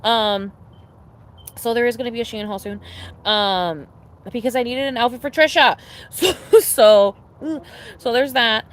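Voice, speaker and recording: A young woman chatting casually on a livestream, rambling with lots of fillers and restarts, swearing freely and getting excitable. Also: a little high, measured pace, slight background noise. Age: young adult. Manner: animated, laughing and excitable. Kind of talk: casual chat to a live audience.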